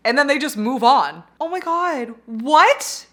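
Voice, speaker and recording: A woman's voice: high-pitched, big pitch swings, normal speed, a bit bright. A young woman vlogging her reading, reacting emotionally and swearing freely. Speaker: book vlogger.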